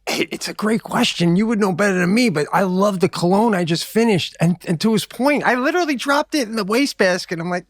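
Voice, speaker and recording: A man co-hosting a comedy radio call-in show, excitable and loose, laughing and swearing as he banters. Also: high voice, fairly quick, few pauses, no echo. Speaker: co-host.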